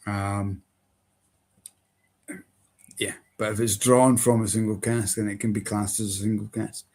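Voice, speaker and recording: A man's voice: fairly low pitch, flat delivery, unhurried, a little mellow. A man co-hosting a casual live-stream chat, rambling with many hesitations. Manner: rambling, hesitant, lots of ums. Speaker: whisky shop co-host.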